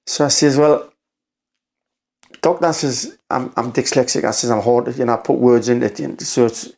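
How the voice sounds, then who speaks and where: A man with a Geordie accent, a podcast guest telling a story in a rambling, halting way, acting out quotes with "I says". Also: mid-range voice, creaky, darkish tone. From Newcastle, England. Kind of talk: casual storytelling conversation.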